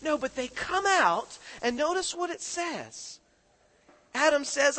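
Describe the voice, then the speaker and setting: A male preacher delivers a sermon and keeps asking his congregation to answer him. His voice is high and bright, and it swings widely in pitch. The sound rings out in a hall with long reverb. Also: big pitch swings, slow. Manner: questions the congregation, call-and-response.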